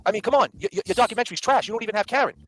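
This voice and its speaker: A man's voice: sits high, rapid-fire, a bit bright. A man co-hosting a livestream, ranting in a combative, mocking way and swearing freely. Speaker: podcast co-host. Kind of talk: heated livestream rant.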